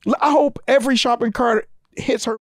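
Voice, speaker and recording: A man's voice: very high voice, fairly even intonation, a little fast, no echo, clean studio sound. A man telling stories and ranting indignantly in a casual podcast chat, often breaking into laughs. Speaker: comedian guest.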